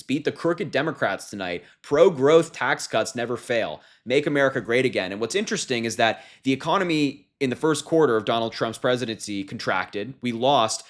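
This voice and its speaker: A young man giving casual political commentary, sarcastic and incredulous, often laughing at what he reads. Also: mid-range voice. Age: young adult.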